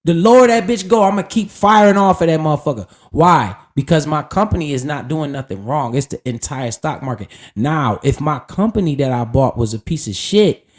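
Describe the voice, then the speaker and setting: A man's voice: fairly high pitch, animated, normal speed, hardly any pauses. A man streaming live, casually talking about investing in a profane, hyped and preachy way.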